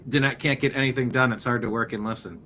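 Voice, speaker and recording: A man's voice: medium pitch, steady tone, fast talker, noisy background. A man hosting a casual news podcast, talking in a loose, rambling way with jokey asides and restarts. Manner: rambling, jokey, slips into silly voices. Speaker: podcast host.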